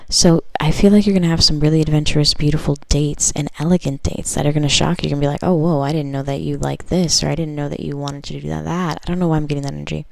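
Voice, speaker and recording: A woman's voice: low-pitched, gravelly, darkish tone, dry recording, rough recording. A woman doing a casual pick-a-card tarot reading, reading card text aloud and chatting about it in a loose, filler-heavy way. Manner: chatty, lots of fillers, reads cards aloud then riffs.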